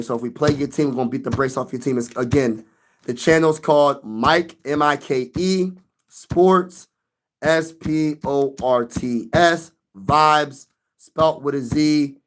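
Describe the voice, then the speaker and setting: A young man hosting a sports live stream, venting loosely in slang and talking back to his chat. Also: fairly high pitch.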